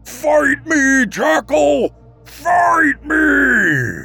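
A man voicing a taunting, furious male shadow jackal creature that snarls and shouts taunts. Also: extremely high pitch, very animated, extremely slow, creaky, faint music behind, voice pushed up, heavily acted.

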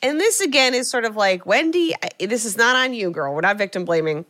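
Animated young woman recapping a film. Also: on the high side, a little fast. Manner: animated storytelling, acts out quotes. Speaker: podcast co-host. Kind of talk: casual chat recapping a film.

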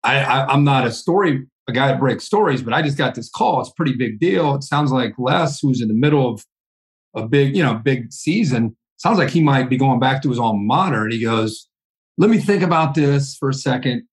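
A man's voice: mid-range voice, animated, fairly quick. Middle-aged man telling a story. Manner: conversational, repeats words when starting sentences. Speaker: guest, college football analyst. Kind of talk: podcast interview, storytelling.

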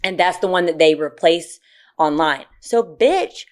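A woman co-hosting a casual podcast chat, telling stories in an animated, profane way. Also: low voice, moderate pace. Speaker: podcast co-host.

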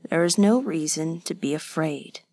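A woman playing a soft-spoken brooding swordsman. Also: moderate pace, no room sound, clean studio sound. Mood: reassuring. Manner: soft, low and coaxing. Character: brooding swordsman man, quietly menacing.

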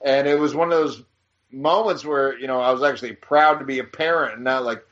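A man's voice: mid-range voice, a little fast, fairly bright tone. A man co-hosting a casual chat, telling stories in a rambling, profane way with lots of restarts. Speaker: podcast co-host. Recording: dull lo-fi sound.

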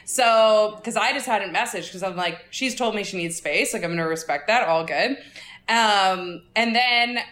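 A woman guesting on a podcast tells a story in quick, animated bursts and laughs often. Her voice is bright and forward, and it rings a little in a roomy space. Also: mid-range voice. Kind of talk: casual chat.

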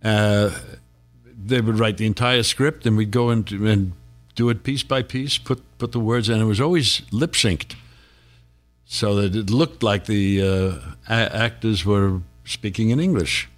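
A man's voice: on the low side, a little slow, faint music behind. An older man, a guest actor, reminiscing in a casual interview, rambling through stories and chuckling often.

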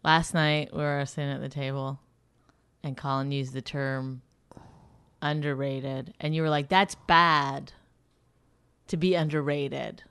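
A woman's voice: extremely low pitch, fairly even intonation, a little slow, pauses often, a bit bright, clean tone, no room sound. A young woman co-hosting a podcast, teasing and skeptically questioning her partner in casual chat. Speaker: podcast co-host.

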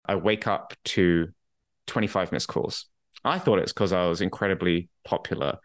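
A man's voice: low-pitched, fairly even intonation, normal speed. A man with a Canadian accent, a guest app founder, telling stories upbeat while walking outdoors. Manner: upbeat storyteller. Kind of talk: casual chat.

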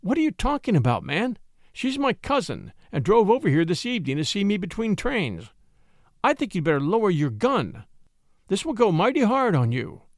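A man's voice: high-pitched, very animated, no echo, studio quality, voice pushed up. A man playing a stern young lawyer. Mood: indignant. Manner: stern, measured and confident. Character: cool young lawyer, clever and commanding.

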